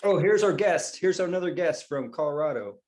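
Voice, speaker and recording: A man's voice: on the high side, lively intonation, a little fast, a little mellow, a little hiss or hum. A man hosting a casual video call, upbeat as he organizes guests before the show. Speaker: host.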